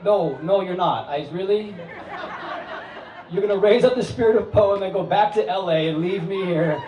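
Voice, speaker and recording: A man performing a true story live before an audience, wry, conversational and animated, with a slightly high voice. His voice rings in a roomy hall and sounds set back from the mic, with faint ambience underneath. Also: normal speed, distant mic, background noise.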